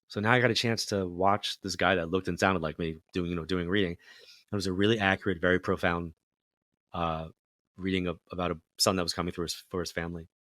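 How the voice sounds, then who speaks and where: A man, a psychic medium guest in an interview, telling lively casual stories and acting out the voices of people he quotes. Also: low voice, no echo, studio quality. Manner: animated storyteller, acts out quoted voices.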